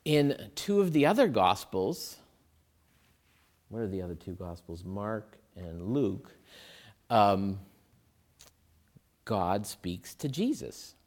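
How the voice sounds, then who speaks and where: Slow, conversational male preacher. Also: fairly low pitch, very animated, darkish tone. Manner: conversational, thinking aloud with fillers and asides. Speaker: pastor. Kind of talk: sermon.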